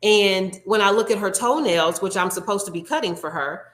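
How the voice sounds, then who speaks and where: A woman's voice: mid-range voice, normal speed, a bit bright, roomy sound. A woman working as a nail technician, telling an earnest, heartfelt story in an interview, acting out what people said. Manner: earnest and heartfelt, with frequent restarts and acted-out quotes.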